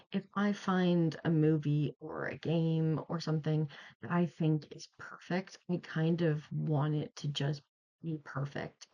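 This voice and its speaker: A young adult vlogger tells a story in a loose, rambling way, filling sentences with "like". The voice sits at a middle pitch. The audio is slightly dull and lo-fi. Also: warm tone. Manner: rambling, chatty, heavy use of "like". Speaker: video creator. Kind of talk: casual storytelling vlog.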